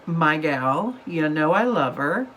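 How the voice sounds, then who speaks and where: A woman's voice: sits low, animated, takes it slowly, fairly bright tone, slight background noise, low-quality recording. A woman, a book vlogger chatting casually to camera over coffee, rambling and giggling, still getting over an illness. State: recovering from illness.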